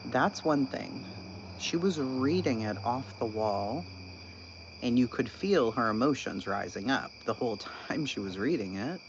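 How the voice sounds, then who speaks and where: A man hosting a channel, talking casually about online drama in an animated, incredulous way and laughing often. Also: mid-range voice, a little slow. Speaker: channel host. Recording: dull lo-fi sound with constant background noise.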